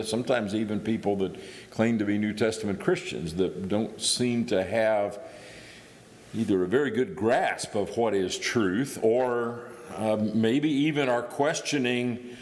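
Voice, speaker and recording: A man's voice: fairly low pitch, a little mellow. A middle-aged man from Indiana giving a guest sermon in a church, talking it through in a conversational way with small restarts. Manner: conversational, thinking aloud with restarts. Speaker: guest preacher. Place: church hall. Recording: reverberant church hall.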